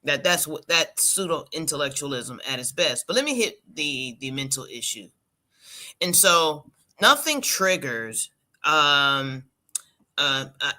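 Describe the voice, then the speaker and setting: A woman co-hosting a podcast, talking in a measured, lecturing way with frequent restarts. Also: extremely low pitch, pushed and bright. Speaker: podcast co-host. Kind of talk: casual chat.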